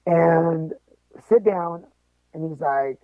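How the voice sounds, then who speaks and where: A man telling a personal story as a podcast guest, animated and joking along the way. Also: fairly high pitch, extremely slow, no room sound. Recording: tinny phone-like line, dry.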